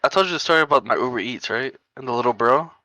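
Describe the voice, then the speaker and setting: A young man with a bright, forceful voice talks loosely and bluntly on a podcast, laughing between lines. The sound is close and dry, with no room around it. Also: medium pitch, expressive, rapid-fire, dry recording, low-quality recording. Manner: blunt, unfiltered, laughs often. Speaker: podcast co-host. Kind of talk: casual chat.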